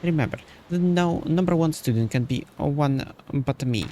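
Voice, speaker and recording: A man's voice: on the high side, moderate pace, dark tone, a little hiss or hum, pitched above the performer's own voice, close to an everyday voice. A man voicing a haughty, boastful young female student rival, reading game dialogue aloud with a proud, bossy delivery.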